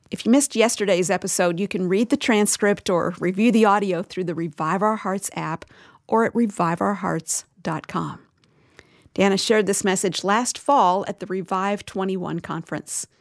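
A woman's voice: mid-range voice, vocal fry, husky, dry recording, studio quality. A woman host giving a conversational, scripted introduction to a Christian radio program. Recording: music bed behind.

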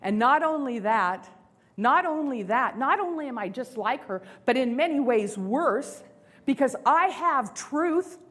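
Slow, lively woman preaching. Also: high-pitched. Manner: expressive, acts out inner voices, slows for emphasis. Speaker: speaker. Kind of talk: sermon-style talk.

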